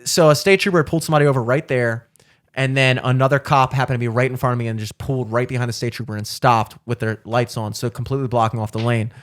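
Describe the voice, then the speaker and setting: A man, talking casually on a podcast. He rambles through a long story, swears freely and acts out every other voice in it. His pitch is moderate and ordinary. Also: fast talker. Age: 30s. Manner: animated, profane, acts out quoted voices. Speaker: podcast co-host.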